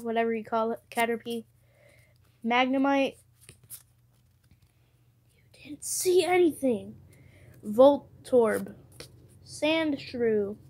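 A woman with a fairly high voice talks unhurriedly as she opens card packs. She mutters to herself, reads off names and now and then cheers. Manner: chatty, muttering to herself, bursts of excitement. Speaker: card-opening vlogger. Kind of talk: casual chat while opening cards.

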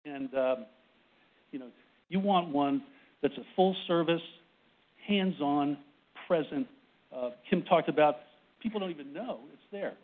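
A man's voice: a little high, measured pace, pauses often. A man from Boston giving a workplace presentation to an audience, short of breath, who often restarts and keeps checking in with "right?". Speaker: presenter on a panel. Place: conference room with audience. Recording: tinny phone-like recording.

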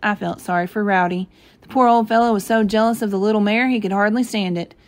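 A woman reading a novel aloud, telling the story gently and giving the characters light voices of their own. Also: medium pitch, steady tone, fast. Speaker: reader.

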